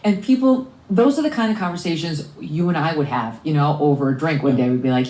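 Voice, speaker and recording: Woman host, lowish voice that moves a lot, kinda roomy. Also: a little fast, few pauses, dark tone. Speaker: talk show host. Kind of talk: broadcast commentary.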